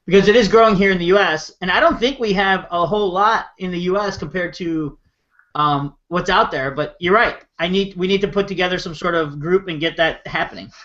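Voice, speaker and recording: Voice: medium pitch, brisk, a bit bright, highs cut off. A podcast host in easygoing, agreeable casual chat.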